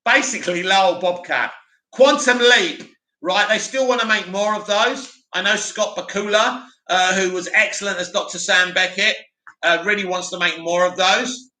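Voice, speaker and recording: A man hosting a live stream, chatting casually and answering viewer comments in an animated way. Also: high voice, normal speed, reverberant. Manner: chatty, animated, mocks a dramatic voice.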